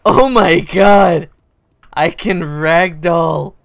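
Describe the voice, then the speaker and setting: A gaming channel host giving excitable gameplay commentary, swearing often and yelping at what happens in the game. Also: medium pitch, drawn-out words, creaky. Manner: excitable, swears a lot, yelps and laughs at the game.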